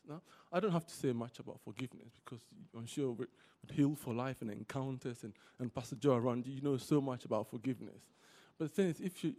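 A man preaching a sermon, repeating key words for emphasis and telling stories in an animated way. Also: mid-range voice. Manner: animated storytelling.

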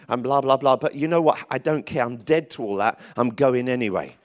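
A man preaching a sermon in church, lively and emphatic, with frequent restarts. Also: mid-range voice, a little fast, few pauses. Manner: lively, rising to emphatic calls, with many restarts. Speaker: pastor.

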